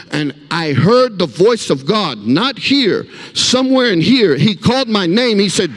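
A man with a notably high-pitched voice preaches as a guest speaker, sharing his testimony as a vivid, emphatic story. He urges the congregation to answer him with amens. His voice rings through a church hall with a long, echoing reverb. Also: sing-song, moderate pace, few pauses. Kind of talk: sermon with personal testimony. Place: church sanctuary.

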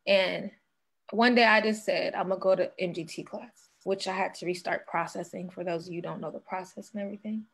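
A woman's voice: fairly low pitch, steady tone, a little fast, gravelly, husky. A young woman speaking as a podcast guest, sharing an earnest personal testimony and fighting back tears.

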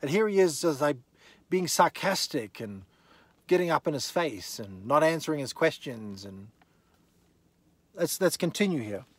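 A man teaching from the Bible in a lively, conversational way, with a voice that sits a bit high and swings widely in pitch. He keeps throwing rhetorical questions straight at the listener. The recording is close and dry. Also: normal speed, long pauses, breathy edge, dry recording.

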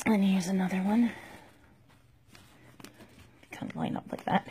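A woman unboxing on her phone camera, excited and out of breath, gushing and often dropping to a whisper. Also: medium pitch, unhurried, slight background noise. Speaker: vlogger. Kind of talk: unboxing video.

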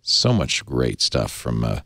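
A man's voice: a bass voice, big pitch swings, slow pace, sharp tone, no echo, studio quality. A middle-aged man hosting a tech talk show, chatting casually and reading an ad with restarts and asides. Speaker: podcast host.

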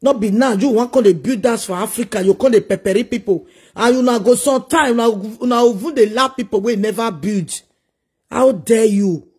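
A man's voice: very high-pitched, normal speed, a little mellow, breathy edge. A man with a Nigerian accent delivering a preachy, scolding monologue full of repeated rhetorical questions. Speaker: social media commentator.

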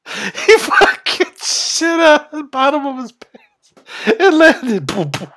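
Loud, laughing, profane reaction streamer. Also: male voice, very high voice, very animated, takes it slowly. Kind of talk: casual reaction commentary.

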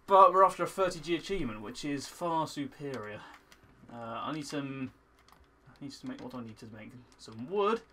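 A young man hosting a gaming video, excitable, swinging from frustrated muttering to loud shouting at the game. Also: medium pitch, normal speed, slight background noise. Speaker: gaming channel host. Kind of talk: let's play commentary.

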